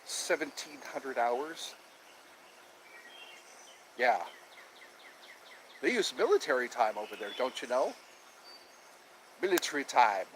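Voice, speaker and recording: Birdsong fills the outdoor setting as this livestream host chats cheerfully, greeting viewers and repeating himself. His mid-range voice is very animated and a bit bright, though slow, with long pauses and slight background noise.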